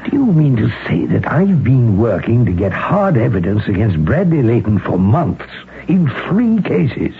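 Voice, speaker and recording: A gravelly British Yard inspector. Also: male voice, medium pitch, very animated, a little slow. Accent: British English. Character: precise British Scotland Yard inspector, middle-aged man. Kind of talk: old-time radio drama acting. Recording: phone-like old radio broadcast, faint hiss.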